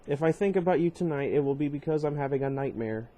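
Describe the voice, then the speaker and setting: A man's voice: on the high side, fast talker, warm tone, close to an everyday voice. A man reading aloud and voicing an angry, stubborn teenage girl who hisses and snaps her lines. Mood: bitter. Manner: hissing, furious, clipped.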